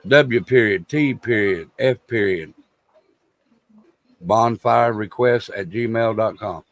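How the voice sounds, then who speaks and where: A man's voice: lowish voice, slow pace. A man co-hosting a casual livestream, trading crude jokes in a drawling, bantering way. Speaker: livestream co-host.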